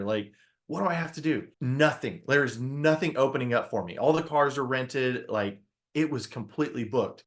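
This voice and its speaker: A man in his thirties speaks as a motivational speaker on stage. He tells a story with energy, acts out his own lines, and turns to the audience with questions. His voice sits at an ordinary middle pitch. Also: fairly bright tone. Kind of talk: storytelling keynote talk to an audience.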